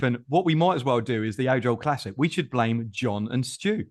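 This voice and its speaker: A man's voice: mid-range voice, animated, normal speed. A man, a band vocalist, answering in a laid-back, dry joking way. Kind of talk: casual interview chat.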